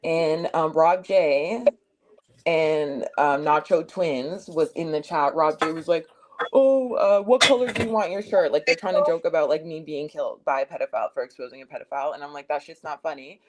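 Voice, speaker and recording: A woman's voice: low-pitched, steady tone, moderate pace, a little mellow. A young adult woman hosting a stream, retelling a chat argument in a casual, heated way with lots of swearing and emphasis. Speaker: streamer host.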